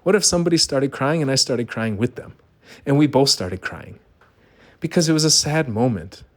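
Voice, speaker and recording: Here the middle-aged vlogger sounds animated, his mid-range voice moving at a normal speed. It's a personal monologue, earnest and emphatic, and he keeps asking rhetorical questions.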